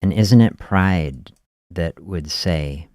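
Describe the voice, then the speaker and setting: Speaking in a very low voice with a darkish tone, a man hosting a podcast reflects slowly in a spoken monologue. Small prompts such as "you know" and "see" recur, and the audio is dry, without room echo.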